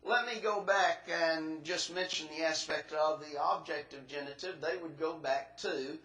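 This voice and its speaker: Bright-voiced man preaching in an echoey church. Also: on the high side, unhurried. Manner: methodical, teaching step by step. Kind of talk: expository sermon.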